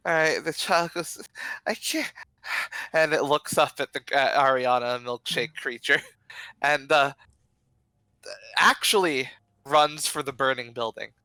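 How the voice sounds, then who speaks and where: Game master voice for a tabletop game, sharp and bright, close-miked with no room sound. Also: mid-range voice, measured pace, smooth, no room sound. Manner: lively narrating, reacts with exclamations.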